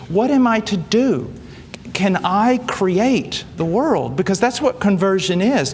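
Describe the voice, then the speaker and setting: A man preaching, telling a story and quoting others in lively acted voices. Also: high voice. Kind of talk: sermon storytelling. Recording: hall reverb, faint background noise.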